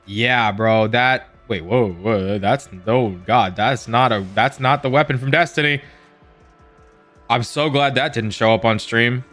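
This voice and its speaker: A man talking casually to viewers while he plays on a live game stream, playful and quick to slip into silly voices. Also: medium pitch, fairly bright tone, faint music behind.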